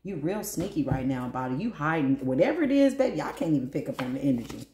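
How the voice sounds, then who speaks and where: Animated woman reading tarot, echoey room. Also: fast talker, a little hiss or hum. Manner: animated, laughing often, big pitch swings, talks to spirit and viewers. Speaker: tarot reader.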